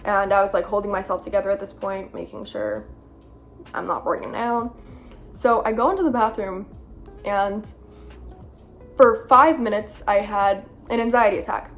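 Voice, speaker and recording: A woman's voice: medium pitch, lively intonation, normal speed, long pauses, fairly bright tone, faint music behind. A young woman telling a personal story to the camera in a chatty, earnest way, full of fillers. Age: young adult. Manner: chatty, lots of "like", earnest and self-conscious. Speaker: vlogger. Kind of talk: storytime vlog.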